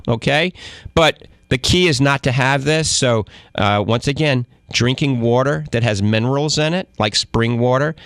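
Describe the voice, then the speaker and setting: A man with a Cajun New Orleans accent talks on a live radio call-in show in a chatty, folksy way, checking in with his listeners as he goes. His voice sits at a middling pitch. The sound is close and dry, with no room around it. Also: a bit bright, no room sound. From Louisiana. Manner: chatty, folksy, keeps saying "all right?". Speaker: radio talk show host and doctor.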